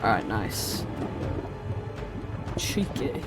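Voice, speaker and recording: A woman's voice: drawn-out words, loud music behind the voice. A woman running a tabletop game as the dungeon master, chatty and loose, stopping to work out numbers aloud.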